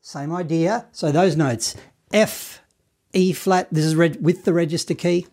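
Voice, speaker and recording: Man, saxophone teacher, relaxed, encouraging, scats phrases, online lesson. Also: fairly high pitch, measured pace, faint music behind.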